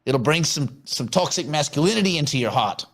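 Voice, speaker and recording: A man's voice: a little high, expressive, brisk, fairly bright tone. A man co-hosting a casual chat show, joking and teasing his co-host.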